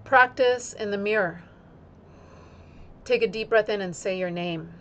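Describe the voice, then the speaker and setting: A woman yoga teacher speaking in an instructional video, using slow, deliberate phrasing timed to her breath. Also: mid-range voice, fairly bright tone, a little hiss or hum.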